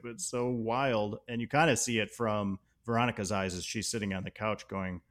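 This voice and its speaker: A man's voice: on the low side, normal speed. A man co-hosting a podcast, talking casually and enthusiastically about a movie, laughing often. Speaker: podcast co-host. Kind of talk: casual film discussion.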